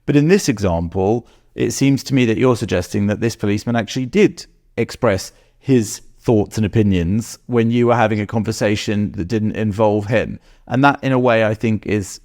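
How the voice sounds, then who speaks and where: Lower-voiced male interviewer. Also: a little mellow. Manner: measured, summarizing and probing. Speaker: interviewer, host. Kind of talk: interview questions.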